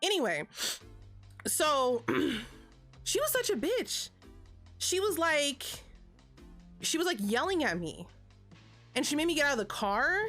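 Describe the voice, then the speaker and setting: Her voice is high and a bit bright, swinging widely in pitch, and she talks slowly with long pauses while faint music plays. This thirty-something vlogger narrates a story on a livestream via a streaming setup, chatty and profane, leaning heavily on "like" between phrases.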